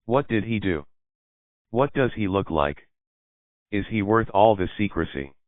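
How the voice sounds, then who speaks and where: A man's voice: on the low side, expressive, no room sound. A man voicing a puzzled, weary young woman. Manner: puzzled, halting. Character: tired, bewildered young woman, the storyteller. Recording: narrow phone-like dry sound.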